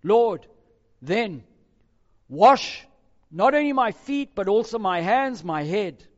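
A man preacher voicing an impulsive, boastful apostle in loud, emphatic outbursts. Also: high voice, normal speed, voice pushed up, close to an everyday voice. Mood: pleading. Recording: dull lo-fi recording with hall reverb.

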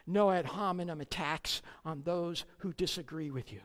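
A preacher delivering a sermon, emphatic, swinging between loud declamation and quiet asides, with sarcastic jabs and rhetorical questions. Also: medium pitch, normal speed, in a large hall.

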